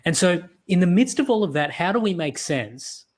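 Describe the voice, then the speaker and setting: A man's voice: high voice, big pitch swings, moderate pace. A man with an Australian accent giving a virtual conference talk, telling stories in an earnest way. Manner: earnest, storytelling delivery. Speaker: conference speaker.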